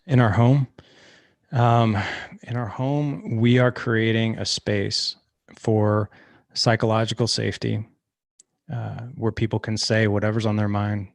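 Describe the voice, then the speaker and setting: A man's voice: on the low side, little pitch movement, measured pace, creaky, no room sound. A middle-aged man telling a story earnestly in casual conversation, with many restarts. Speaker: guest.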